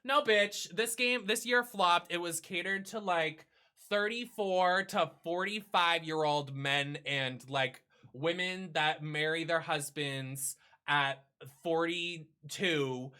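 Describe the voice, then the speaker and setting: A man hosting a casual chat with his partner, talking in an animated, profane, ranting way. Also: fairly high pitch, slow, smooth. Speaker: streamer host.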